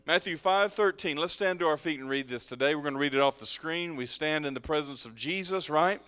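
A pastor preaches to his congregation in a smooth, clear voice that sits a little high for a man. He pulls the room in with call-and-response and light joking asides. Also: fairly quick, sharp tone, no echo. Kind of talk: sermon. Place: church sanctuary with congregation.

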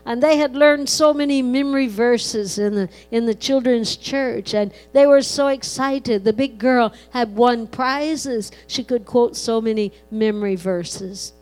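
A woman's voice: on the high side, a little slow, few pauses, clean tone, poor audio. A woman preaching a sermon, telling a story with dramatic swells and leading a prayer. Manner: dramatic storyteller, builds to loud emphatic peaks.

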